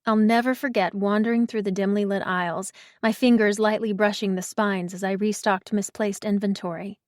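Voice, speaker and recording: A woman reading a cozy mystery audiobook in the first person, with measured, expressive storytelling. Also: mid-range voice, no room sound, clean studio sound. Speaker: audiobook narrator.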